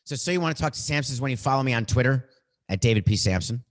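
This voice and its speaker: A man's voice: mid-range voice, lively intonation, very fast. A middle-aged man hosting a podcast, musing aloud in a reflective monologue. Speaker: podcast host.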